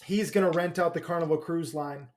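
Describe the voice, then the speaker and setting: A man co-hosting a casual podcast, his voice sitting a little high. He rambles along in an easy, filler-heavy way. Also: fairly even intonation, a little fast. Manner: chatty, laughs often, filler-heavy. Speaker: podcast co-host.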